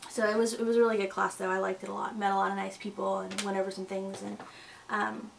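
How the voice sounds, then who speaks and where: A young woman chatting casually to camera in a vlog, full of fillers, with a slightly husky morning voice. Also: medium pitch, little pitch movement, fast, slight background noise, rough recording. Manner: chatty, lots of fillers and likes. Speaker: pregnant vlogger.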